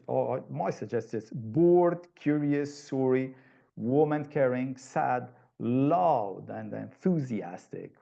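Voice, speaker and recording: A man presenting a webinar over a video call, his voice dark and gravelly. He explains his points patiently, often restarting a phrase before going on. The audio sounds slightly dull and muffled. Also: medium pitch. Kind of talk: online presentation talk.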